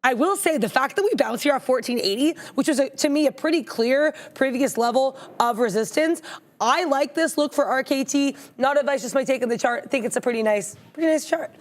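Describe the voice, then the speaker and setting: Chatty high-voiced woman trading co-host. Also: fairly quick. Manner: chatty, playful, reads chat comments aloud. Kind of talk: live market commentary.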